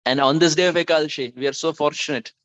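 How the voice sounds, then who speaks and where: A man preaching a storytelling sermon, animated and repeating lines for emphasis. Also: a little high, fast. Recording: dull, dry lo-fi sound.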